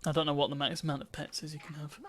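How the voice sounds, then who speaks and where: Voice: mid-range voice, level tone, racing, a bit bright. A streamer giving chatty live gameplay commentary, thinking aloud and breaking into playful cheers.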